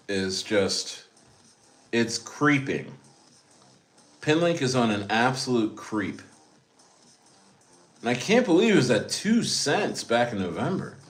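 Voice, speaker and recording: A man talks unhurriedly through a casual livestream, drifting from one point to the next and repeating himself. He keeps calling out to his viewers as guys, in a voice of ordinary middle pitch. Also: a bit bright. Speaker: crypto streamer.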